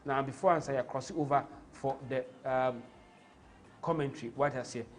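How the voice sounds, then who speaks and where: A man's voice: mid-range voice, brisk, slight background noise. A man with a Ghanaian accent hosting a live football stream, talking in an impassioned, rambling way and slipping into Twi. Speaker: host.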